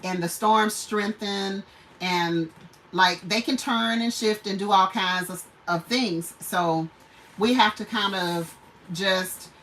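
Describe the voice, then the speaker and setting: A woman's voice: mid-range voice, slow, fairly bright tone, recorded from a distance, low-quality recording. A woman hosting a homestead channel, chatting casually on a livestream, laughing often and greeting viewers.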